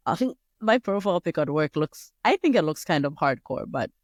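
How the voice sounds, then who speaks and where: A woman's voice: very animated, a little fast, no room sound. Chatty young woman podcaster, dry sound. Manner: chatty and digressive, with sudden high-pitched jumps and laughs. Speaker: podcast host. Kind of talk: casual solo podcast monologue.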